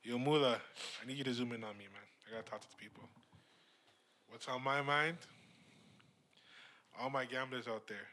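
Animated joking man, sharp bright voice. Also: mid-range voice, normal speed, long pauses. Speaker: podcast co-host. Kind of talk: casual sports chat.

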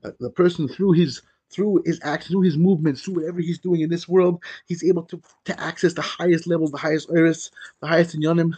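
Fast, animated rabbi teaching a daily class. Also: male voice, a little high, slightly rough. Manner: animated, repeats and restarts often, mixes in Hebrew terms. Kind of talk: Torah lesson.

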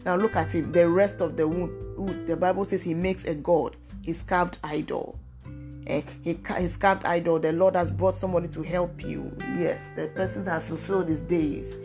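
A woman's voice: fairly low pitch, fairly even intonation, moderate pace, over music. A woman preaching a devotional podcast sermon, speaking emphatically and repeating key phrases for stress. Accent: African English.

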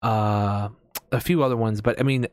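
A man's voice: fairly low pitch, fairly even intonation, moderate pace, clean tone, no room sound. American man, casual podcast host, rambling and profane, dry close-miked sound. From United States. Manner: rambling, swearing, many fillers and restarts. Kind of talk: casual chat.

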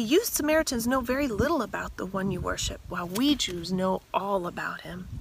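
A woman voicing a calm, gentle male teacher figure in a retold story, speaking softly and earnestly. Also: medium pitch, gravelly, slight background noise.

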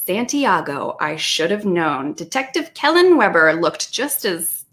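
Woman author reading from her book on a video call, sing-songy, bright tone. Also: fairly low pitch, moderate pace. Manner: lively reading with laughs and self-aware asides. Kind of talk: reading aloud from a novel.

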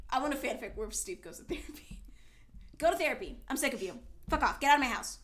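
A young woman with a high voice co-hosts a casual podcast. She reads fanfiction aloud and rambles crudely between passages. She slips into animated impressions as she goes. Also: fast talker. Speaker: podcast co-host. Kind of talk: casual chat reading fanfiction.

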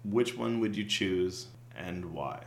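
A man co-hosting a casual chat, with a joking, halting manner. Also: on the low side, lively intonation, echoey room, a little hiss or hum. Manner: jokey, halting with restarts. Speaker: podcast co-host.

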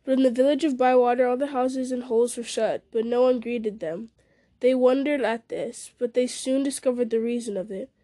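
A woman reading a fantasy novel aloud at a steady pace, with small slips and restarts. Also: fairly high pitch, moderate pace, no room sound. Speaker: story reader.

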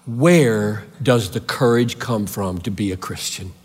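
A man preaching a sermon as a pastor, impassioned, swinging between loud emphatic peaks and quiet intensity. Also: lowish voice, unhurried, breathy edge, in a large hall.

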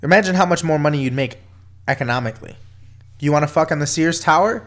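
A man's voice: a little high, quick pace, a bit bright. A young man co-hosting a casual podcast, rambling and swearing, laughing often. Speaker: podcast co-host.

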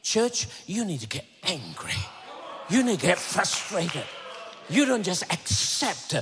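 A man preaching a sermon to a church with impassioned energy, swinging between shouted peaks and sudden hushed asides. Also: high voice, sing-song, takes it slowly, noisy background. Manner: impassioned, shouting builds and sudden drops to a hush. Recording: echoey hall reverb.

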